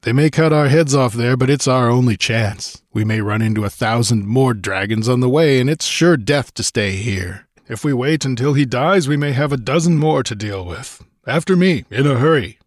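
A man's voice: medium pitch, moderate pace, hardly any pauses, dry recording, clean studio sound, voice pushed up, close to an everyday voice. A man reading a story aloud, voicing a barbarian warrior who gives urgent, commanding orders.

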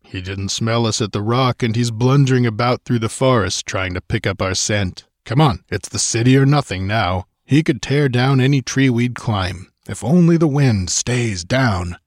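A man's voice: mid-range voice, normal speed, hardly any pauses, dry recording, clean studio sound, close to an everyday voice. A man reading a story aloud, voicing a barbarian warrior who gives urgent, commanding orders. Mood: steady.

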